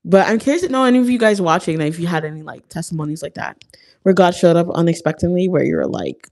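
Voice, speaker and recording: A young woman speaks to her viewers in a loose, heartfelt way, leaning on "like" as she talks. Her voice sits a little low for a woman. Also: quick pace, a little mellow. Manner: chatty and heartfelt, frequent "like" fillers. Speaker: vlogger. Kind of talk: casual faith talk to camera.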